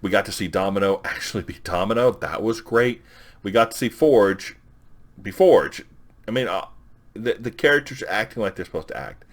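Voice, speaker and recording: A man's voice: lowish voice, animated. A man giving a casual, rambling review of a comic issue, recapping scenes and quoting characters' dialogue. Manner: rambling, with restarts and quick quoted dialogue.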